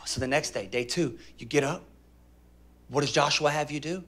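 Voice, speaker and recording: A man's voice: mid-range voice, normal speed. A male pastor preaching a sermon to a live congregation, telling stories, acting out voices and firing questions at the room. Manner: animated storytelling, acts out voices, asks congregation questions. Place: church auditorium with a live congregation.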